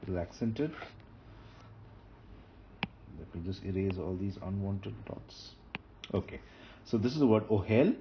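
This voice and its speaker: In a low, expressive voice, a man gives an explanatory lecture on Hebrew grammar while writing on a board, unhurried and pausing at length. He restarts phrases and patiently repeats key terms. The sound is dull lo-fi with faint noise.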